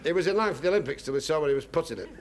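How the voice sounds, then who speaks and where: A man, a comedian telling a long joke in a dry, deadpan way. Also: fairly high pitch, rapid-fire. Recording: noisy 1970s TV studio recording.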